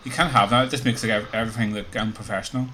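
Soft-trailing man with faint background hum. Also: on the low side, steady tone, very fast. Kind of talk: casual panel chat.

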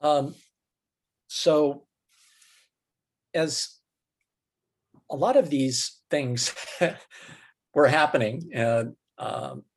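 A man recounting a story as an interview guest. His voice is a little husky and he takes his time. He hesitates often and fills pauses with ums, uhs and repeated words. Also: on the high side, very animated. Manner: slow, halting delivery with many fillers.

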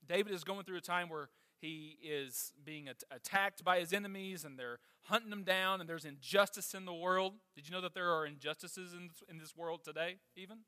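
A man's voice: high voice, fairly quick, few pauses, pushed and bright, clear, resonant tone, no room sound, clean studio sound, long reverb tail. A man preaching a sermon with passion, reading scripture and putting questions to the congregation. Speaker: pastor.

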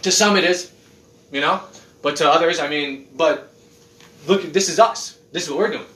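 A man's voice: fairly high pitch, moderate pace. A man ranting casually and sarcastically with lots of swearing, in a living room. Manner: profane, sarcastic, animated ranting. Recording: roomy room, mic at a distance.

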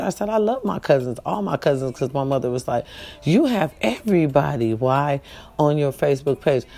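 A woman's voice: low-pitched, a little mellow. A middle-aged woman, talking to her viewers in a casual, heartfelt monologue, preachy and repetitive, often asking them directly if they understand. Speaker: vlogger.

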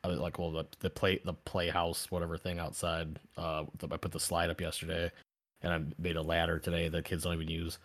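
A man with a deep, slightly husky voice chats quickly and loosely on a podcast. He rambles through anecdotes, restarting sentences as he goes. His energy picks up when he retells what others said. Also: monotone, a bit bright. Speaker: podcast co-host. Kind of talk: casual chat.

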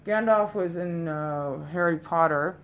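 A woman with a low voice hosts a solo podcast, rambling casually and talking straight to her listeners. She sounds a little tipsy. A faint hum runs under the recording. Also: a little slow, narrow, tinny audio. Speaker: podcast host.

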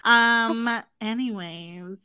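Animated woman chatting about books. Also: fairly high pitch, drawn-out words, smooth, dry recording, studio quality. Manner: animated, acts out characters in silly voices. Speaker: podcast co-host. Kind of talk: casual book review chat.

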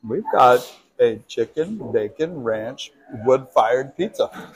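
A man's voice: medium pitch, lively intonation, slow, rough recording. A man, a pastor co-hosting a podcast, chatting casually, joking around and laughing often. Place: brewery.

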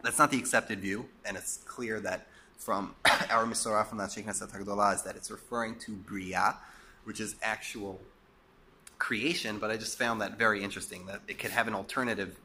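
Lecturing man, slightly hoarse, bright voice. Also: fairly low pitch, fairly even intonation, fairly quick, a little hiss or hum. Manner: explanatory, rhetorical questions. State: losing his voice, coughing. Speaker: teacher giving a Torah class.

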